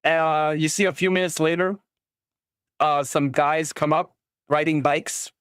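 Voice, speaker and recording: A game master narrating a tabletop game in a casual, halting way, with many fillers and quick voices for each character. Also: medium pitch, steady tone, a bit bright, smooth, no room sound, studio quality.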